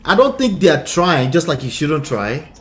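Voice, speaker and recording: A man with a Nigerian accent hosting a casual chat as a relationship coach, animated and full of teasing questions. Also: on the high side, moderate pace.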